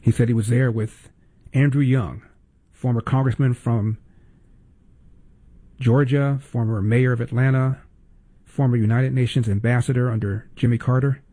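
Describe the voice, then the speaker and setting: A man's voice: medium pitch, fairly even intonation, normal speed, long pauses, mellow. A male talk radio host delivering sarcastic, emphatic political commentary with pointed repetition.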